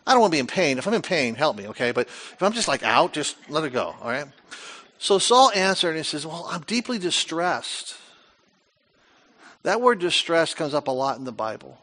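A male pastor preaching a sermon, retelling scripture with animated, dramatic storytelling and frequent rhetorical questions. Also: on the high side, fast.

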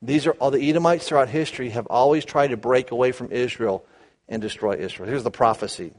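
A man teaching the Bible verse by verse, animated, asking his listeners questions and acting out the quotes. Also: mid-range voice, brisk. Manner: animated, asks the audience questions, acts out quotes.

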